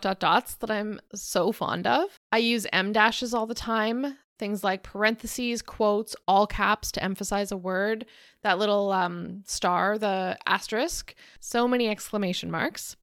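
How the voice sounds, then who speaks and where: A young woman talks through her solo podcast in a chatty, candid way, poking a little fun at herself. Her voice is mid-pitched and sounds dry and close, with no room echo. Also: fairly bright tone, smooth. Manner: chatty, candid and self-deprecating. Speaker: podcast host.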